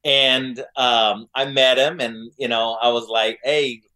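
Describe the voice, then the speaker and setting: A man's voice: mid-range voice, little pitch movement, takes it slowly, bright, forceful tone. A man with an Oklahoma accent telling stories in a casual interview, rambling with lots of fillers and acting out what people said. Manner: rambling, many fillers, acts out quotes. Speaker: guest singer.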